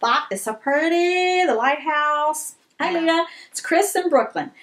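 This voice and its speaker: A woman opening fan mail in a casual vlog gushes and exclaims over it, gasping and squealing with excitement. Her voice is high and her pace measured.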